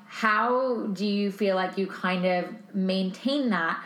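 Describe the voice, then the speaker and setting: A woman's voice: mid-range voice, takes it slowly, a bit bright, roomy sound, rough recording. A woman host and stylist, chatty and enthusiastic in casual conversation.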